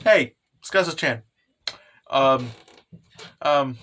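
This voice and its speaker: A man's voice: mid-range voice, animated, extremely slow, pushed and bright, heavily acted. A man voicing a cheerful, caring young husband in a loose, casual way while recapping a comic. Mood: upbeat.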